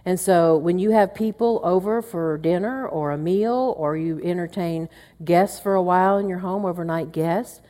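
A woman's voice: fairly low pitch, moderate pace, mellow. A middle-aged woman from Oklahoma teaching a women's Bible study, chatty and anecdotal, acting out little grumbles under her breath. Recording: long hall reverb.

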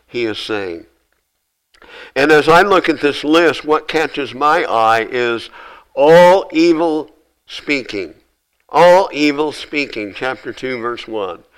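Emphatic preacher man with a mid-pitched voice. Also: clean tone, rough recording. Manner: emphatic, repeats commands, swings between loud exhortation and low asides. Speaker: pastor. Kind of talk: sermon.

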